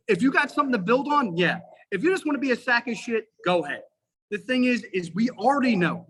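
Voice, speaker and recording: A man's voice: high voice, bright, forceful tone, slight background noise, low-quality recording. A man in his forties, a firefighter guest on a podcast, talking casually in an emphatic, profane, fired-up way.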